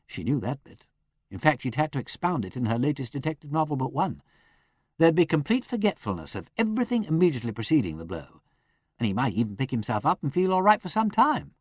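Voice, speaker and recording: A man with a medium-pitched voice narrates an audiobook in a measured, expressive reading. The scripted narration has clean studio sound with no echo.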